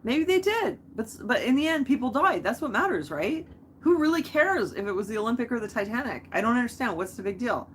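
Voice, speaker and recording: A woman's voice: a little high, expressive, fast, slight background noise. A young woman hosting a live stream, chatting casually, rambling off on tangents and answering viewer comments.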